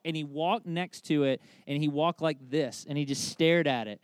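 A man's voice: fairly high pitch, brisk, few pauses, smooth, dry recording. A man in his thirties preaching a sermon, conversational and emphatic, with humorous family stories and repeated key phrases. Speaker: pastor.

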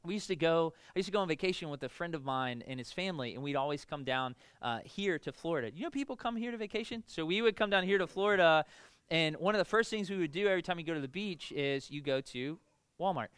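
A man in his thirties preaching a conversational sermon to a congregation, animated and asking "right?" often. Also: on the high side, fast talker, smooth, no room sound. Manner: casual, animated, frequent rhetorical "right?". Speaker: pastor. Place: church in front of a congregation.

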